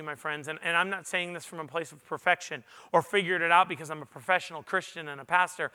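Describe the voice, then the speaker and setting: Bright-voiced preacher man, earnest and emphatic. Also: on the high side, clear, resonant tone. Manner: earnest, swings from loud emphatic peaks to quiet confessional drops. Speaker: pastor. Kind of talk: sermon. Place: church auditorium before a large congregation.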